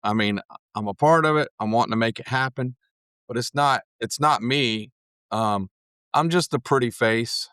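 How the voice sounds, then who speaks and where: A man's voice: medium pitch, normal speed, clear, resonant tone, no room sound, studio quality. A man, a guest on a podcast, chatting casually and telling stories with plenty of swearing. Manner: profane, animated storyteller. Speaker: podcast guest, metal museum organizer. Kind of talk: casual chat.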